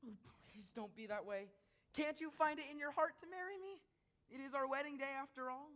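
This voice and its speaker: An earnest, pleading young groom. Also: female voice, sits high, brisk, a bit bright. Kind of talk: stage musical acting.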